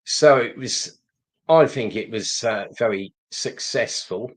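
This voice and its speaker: Male host, slow and measured, lower register, occasional "uh". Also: poor audio. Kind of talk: livestream discussion.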